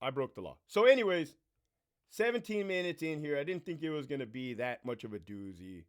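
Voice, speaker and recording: Profane, animated man ranting a story. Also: a little fast. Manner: profane, animated, swings between loud bursts and low mutters. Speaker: vlogger telling a story. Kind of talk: casual storytime rant.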